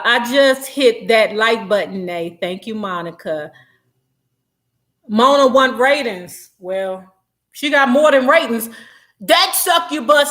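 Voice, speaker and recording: High-pitched woman, sassy and cussing, gossiping on a livestream. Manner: animated, profane, sassy. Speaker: vlogger. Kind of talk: livestream gossip chat, reading comments.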